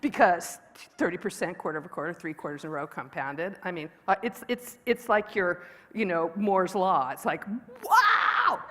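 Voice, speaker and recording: A woman's voice: fairly low pitch, normal speed. A woman giving a conference keynote, telling work stories in a candid, joking, conversational way on a stage microphone. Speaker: keynote speaker. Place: large conference hall. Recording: long hall reverb from stage.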